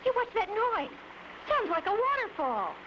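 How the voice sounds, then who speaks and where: A woman's voice: very high voice, sing-song, moderate pace. A woman voicing an eager, easily worried young boy in a 1950s cartoon. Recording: lo-fi old cartoon soundtrack, loud noise.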